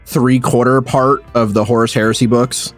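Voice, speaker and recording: A man's voice: mid-range voice, flat delivery, normal speed, soft background music. Crude, swearing male podcast co-host. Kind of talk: casual chat.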